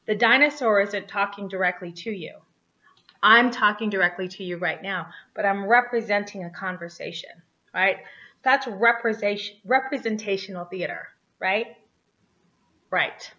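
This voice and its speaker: A woman lecturing a theater class online in an animated, conversational way, tossing in "right?" every few sentences. Her voice is bright and forward, though the recording sounds dull and lo-fi. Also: medium pitch, moderate pace. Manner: animated, checks in with frequent "right?" tags. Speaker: theater teacher.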